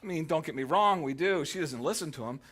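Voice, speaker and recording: A man's voice: on the high side, brisk, slight background noise. A male pastor preaching a sermon to a congregation, telling jokey stories and acting out the quotes. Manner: animated, jokey storytelling with voiced quotes. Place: church sanctuary.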